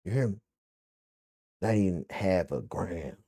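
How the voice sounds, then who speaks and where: A man's voice: sits low, animated, measured pace, mellow, breathy edge, no echo. A man with a Memphis Southern accent, ranting and telling a story in a blunt, profane way. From Memphis, USA. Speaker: vlogger. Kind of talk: casual storytelling rant.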